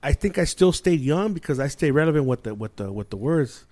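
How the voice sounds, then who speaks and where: A man in his forties chatting casually on a podcast, an animated storyteller who slips into put-on voices. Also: a little high, fairly quick, dry recording. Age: 40s. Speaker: guest podcaster.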